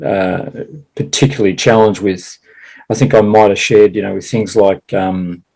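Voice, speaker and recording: A man talking in a casual conversation, halting with many restarts and laughing often. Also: fairly low pitch, fairly even intonation, vocal fry, darkish tone, low-quality recording. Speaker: guest.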